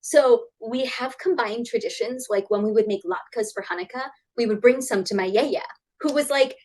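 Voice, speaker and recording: A woman in her thirties, a guest author chatting in an interview over a video call, animated and acting out quoted voices. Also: brisk, poor audio. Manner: animated, acts out quoted voices with big pitch jumps. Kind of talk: casual interview chat.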